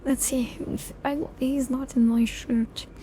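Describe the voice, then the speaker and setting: A young woman in soft-spoken ASMR style, her voice high and mellow. She rambles loosely, drifts off topic and pokes fun at herself, with the odd slip into a whisper. A faint hum sits behind her. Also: flat delivery, takes it slowly. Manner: rambling and self-deprecating, loses focus. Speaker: ASMR creator.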